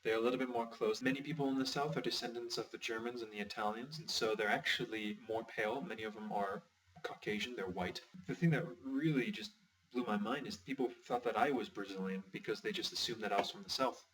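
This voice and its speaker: A man's voice: fairly low pitch, fast, fairly bright tone. Chatty male teacher, set back from mic. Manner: chatty, explanatory, lightly joking. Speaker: language teacher. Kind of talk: podcast lesson explanation. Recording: distant from the mic.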